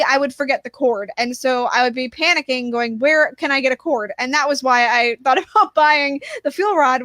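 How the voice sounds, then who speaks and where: A woman co-hosting a podcast, telling stories in casual chat, animated and quick to laugh. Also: high voice, no room sound. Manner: animated storyteller, laughs easily. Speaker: podcast co-host.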